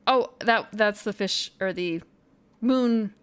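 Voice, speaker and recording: A woman's voice: medium pitch, slow pace, fairly bright tone, clear, resonant tone. A woman streamer chatting casually on a live stream, thinking aloud, muttering to herself and sounding out foreign phrases.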